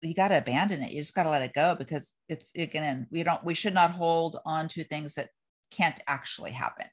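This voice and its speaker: Frank, joking woman with a lowish voice. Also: brisk. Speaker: podcast co-host. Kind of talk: casual chat.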